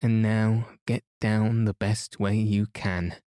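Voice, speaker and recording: A grim, scornful boy turned giant speaks from a storybook in a slow, lowish voice, as a man reads him. The sound is close and dry. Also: level tone, warm tone, no room sound.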